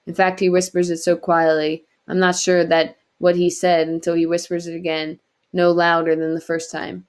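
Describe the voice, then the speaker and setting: A woman reading a novel aloud in quiet, earnest first-person narration. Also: on the low side, level tone, normal speed. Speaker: audiobook reader.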